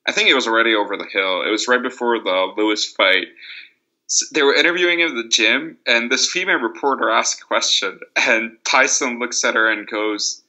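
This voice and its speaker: A man co-hosting a casual podcast, telling anecdotes in an animated, laughing way. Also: mid-range voice. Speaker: podcast co-host. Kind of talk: casual storytelling chat.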